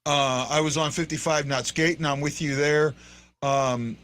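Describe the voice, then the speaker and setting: An excitable man hosts a fan show, talking through a live hockey game in a rambling, restart-filled way. His voice sits a little high and comes across bright and forceful. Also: measured pace, clean tone. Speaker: fan podcast host. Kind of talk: casual live hockey commentary.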